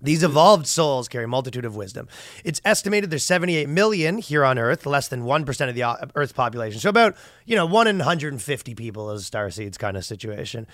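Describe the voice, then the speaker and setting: A man's voice: mid-range voice, sing-song, fast, fairly bright tone, no room sound, clean studio sound. A man co-hosting a comedy podcast, chatting casually and reading quotes in mocking voices. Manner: reads quotes aloud in mocking voices, laughs often. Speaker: podcast co-host.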